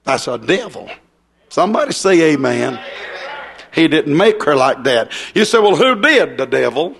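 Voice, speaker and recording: A man's voice: fairly high pitch, sing-song, moderate pace, creaky, husky. A man preaching a fiery, folksy revival sermon.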